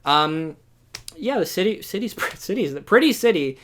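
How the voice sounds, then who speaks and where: A young adult movie reviewer rants through a video review in an exasperated, sarcastic voice. The delivery is animated, stacking up rhetorical questions and dry asides. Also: medium pitch, normal speed, slight background noise. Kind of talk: ranting video review commentary.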